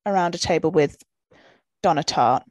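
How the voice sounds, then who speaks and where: Young woman co-host, lowish voice, dry mic, quick jokey asides. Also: darkish tone, dry recording, lo-fi sound. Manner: quick quips, frequent agreeing interjections. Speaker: podcast co-host. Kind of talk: casual book-club chat.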